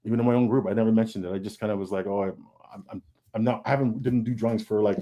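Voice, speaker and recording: Rapid-fire and fairly even in intonation, this man's lowish, dark voice comes through a video call panel. He's a comic artist guest who speaks candidly and earnestly, repeating words and quoting himself as he goes.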